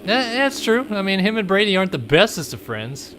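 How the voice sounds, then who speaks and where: A man teasing his co-host and the riders while commenting on a dirt-bike race. His voice is bright and crisp, a little higher than most men's. The pitch moves around a lot as he jokes along. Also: very animated, brisk, a little hiss or hum. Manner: jokey, giggly, teasing. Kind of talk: casual color commentary.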